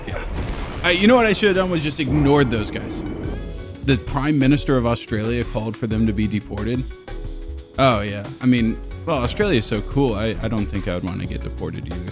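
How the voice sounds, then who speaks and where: A man's voice: fairly low pitch, a little fast, music in the background. A young adult man rambling casually as a streamer, crude and joking, swearing freely and slipping into playful silly voices.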